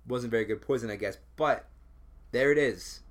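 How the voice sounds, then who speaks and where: A man's voice: medium pitch, normal speed. Man, podcast co-host, playful storyteller, mid-range voice. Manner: joking, spins playful conspiracy theories. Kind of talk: casual chat. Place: friend's house.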